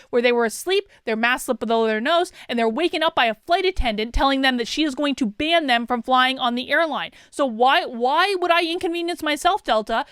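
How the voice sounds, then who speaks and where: A woman's voice: high-pitched, a bit bright, dry recording, clean studio sound. A woman in her thirties giving indignant opinion commentary, emphatic and repeating words for stress. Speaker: commentary vlogger. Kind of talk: opinion commentary reading a passenger account.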